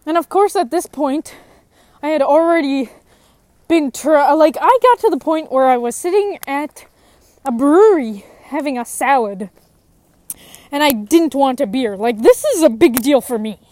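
Young woman, high voice, candid personal testimony that turns heated when she is frustrated. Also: animated, unhurried, darkish tone, no echo. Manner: emotional and frank, voice rising when frustrated. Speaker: person in recovery sharing her story.

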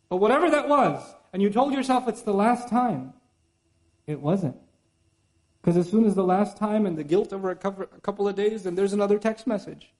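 A middle-aged man, giving a sermon and acting out the excuses people tell themselves. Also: high-pitched. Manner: animated, acts out the inner voices and excuses of listeners. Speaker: Islamic teacher.

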